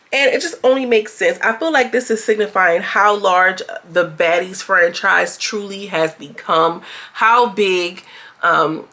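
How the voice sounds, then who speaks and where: A woman giving a casual, slangy recap of a reality show, often jumping into high, mocking voices to quote the cast. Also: fairly bright tone. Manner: chatty, slangy, jumps into high mocking voices when quoting. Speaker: show reviewer.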